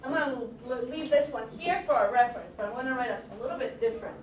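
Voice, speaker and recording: A woman teaching an English grammar class, speaking slowly and deliberately, repeating example sentences and quizzing her students. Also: fairly high pitch. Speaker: ESL teacher. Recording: echoey classroom, camera far off, faint noise.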